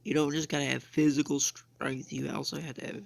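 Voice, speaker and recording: Gravelly young man rambling over gameplay. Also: a little high, little pitch movement, brisk. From United States. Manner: rambling, repeats "I mean" and "bro". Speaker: gaming channel host. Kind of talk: casual gameplay commentary.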